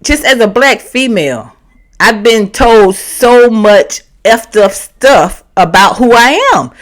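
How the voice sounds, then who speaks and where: Sassy animated woman in her fifties. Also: a little high. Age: 50s. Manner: sassy, animated, slangy, acts out quoted voices. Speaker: vlogger and comedian. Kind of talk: candid motivational talk to camera.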